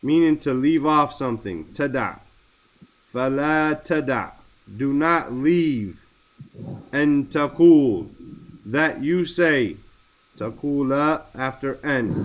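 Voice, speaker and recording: A man teaching a religious text lesson, explaining word by word and slowing down to stress key terms. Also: a little high, expressive.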